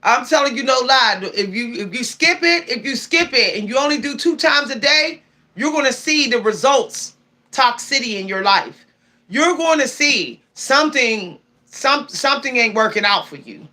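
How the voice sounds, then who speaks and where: A woman's voice: high voice, animated, normal speed, pushed and bright. A woman giving spiritual advice on her livestream, preachy and emphatic, often repeating key phrases. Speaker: spiritual streamer.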